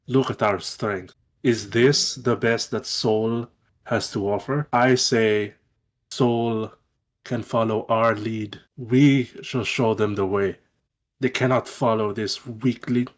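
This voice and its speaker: A man's voice: on the low side, steady tone, slow pace. A man playing in a tabletop game, giving rallying speeches in character. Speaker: player.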